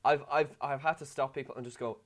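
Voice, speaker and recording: A man, co-hosting a podcast and telling candid stories with lively delivery. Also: fast. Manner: animated storyteller who jumps into high voices. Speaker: podcast co-host. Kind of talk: casual chat.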